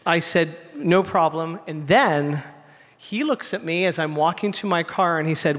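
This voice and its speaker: A man telling a true personal story on stage before a live audience, animated and slowing down for punchlines. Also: fairly high pitch. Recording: hall reverb, faint ambience.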